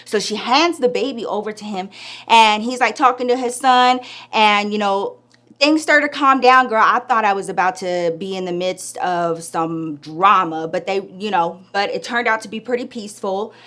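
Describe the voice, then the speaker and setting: A woman casually telling a personal story in a chatty, animated way, full of slang and asides. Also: mid-range voice, moderate pace. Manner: chatty, animated, lots of "like" and "girl".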